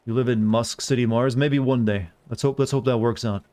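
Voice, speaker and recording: A man in the middle of a game stream who talks quickly and chats casually with his viewers. He jokes with them in a teasing way and dodges their questions about himself. His voice sits at an ordinary middle pitch. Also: steady tone, darkish tone. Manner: teasing, evasive, talks over gameplay. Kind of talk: casual gaming commentary to chat.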